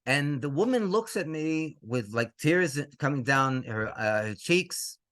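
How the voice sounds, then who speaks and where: A male rabbi telling a story in a lively way, mixing in Hebrew phrases and laughing between lines. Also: a little high, unhurried. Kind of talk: storytelling to an audience.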